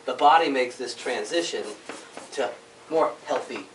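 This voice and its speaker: A man's voice: medium pitch, a little slow, slight background noise. A male chiropractor giving an informal health workshop to a small audience in an office, talking conversationally and checking in with "right?" often. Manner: animated storytelling with sound effects. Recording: echoey room, mic at a distance.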